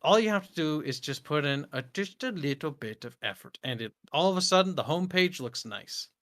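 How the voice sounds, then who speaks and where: A man with a Midwestern accent chats as an interview guest. His voice sits a little high, and he talks in an animated, blunt way, breaking into laughter and swearing freely. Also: a little fast. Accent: American Midwestern. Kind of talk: casual interview chat.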